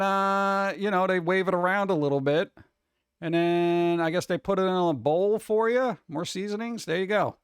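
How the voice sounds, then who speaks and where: A man's voice: high-pitched, smooth, dry recording, clean studio sound. A man hosting a casual livestream, rambling from topic to topic with sarcastic jokes. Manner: rambling, jokey, sarcastic asides. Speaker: livestream host.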